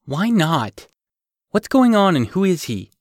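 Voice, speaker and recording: A man voicing an excited, teasing teenage girl about to start college, eager and pushy. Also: high-pitched, a little slow, no room sound, studio quality, pitched above the performer's own voice, exaggerated voice. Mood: excited, insistent.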